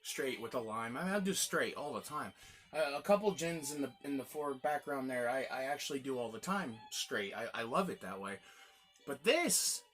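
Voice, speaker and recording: A man's voice: mid-range voice, lively intonation, normal speed, fairly bright tone, faint music behind. A man hosting a casual gin tasting review, chatty and rambling, exclaiming as he tastes.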